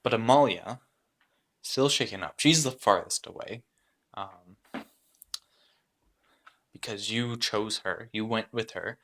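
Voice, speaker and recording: A man's voice: fairly low pitch, slow, long pauses, fairly bright tone. A man narrating a story game as game master, rambling, with many fillers and restarts.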